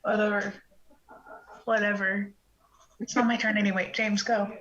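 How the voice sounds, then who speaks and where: A woman playing a tabletop game, answering with sassy, quick retorts in casual chat. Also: mid-range voice, flat delivery, a bit bright, muffled recording. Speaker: player.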